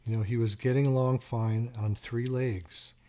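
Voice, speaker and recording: A man's voice: mid-range voice, fairly even intonation, dark tone. A middle-aged man hosting a call-in radio talk show as a doctor, chatting and telling stories in a casual way. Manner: chatty, storytelling, repeats phone number slowly.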